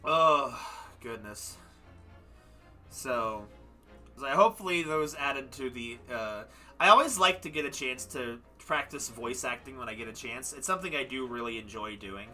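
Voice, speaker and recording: A man's voice: medium pitch, lively intonation, a little slow, sharp tone, faint music behind. A young man livestreaming, chatting casually and ramblingly about a game he just finished, sounding tired and self-deprecating. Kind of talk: casual chat wrapping up a game stream.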